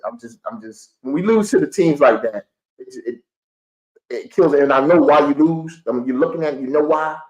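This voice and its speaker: Young man, streaming fan-show host, heated repetitive rant, fairly high voice. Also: fairly quick, lo-fi sound. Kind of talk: live-streamed fan sports commentary.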